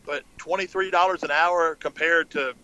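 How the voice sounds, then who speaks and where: Man, podcast co-host, animated storyteller, high bright voice, dull lo-fi sound. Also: moderate pace, clear, resonant tone. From Southern US. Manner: animated storyteller, laughing often. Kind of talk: casual storytelling chat.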